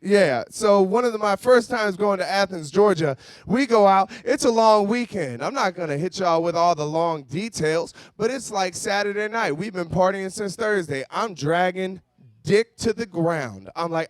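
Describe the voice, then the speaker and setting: A young man doing a profane stand-up set at a bar, shouting out to the crowd. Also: high-pitched, expressive, moderate pace, no room sound, studio quality. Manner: brash, profane storytelling with shouted crowd work. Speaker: stand-up comedian. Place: comedy bar stage.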